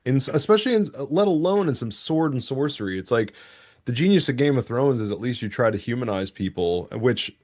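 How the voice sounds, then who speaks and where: A man co-hosting a casual podcast chat, talking in animated, rapid run-on rants full of self-interruptions. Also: medium pitch. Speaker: podcast co-host.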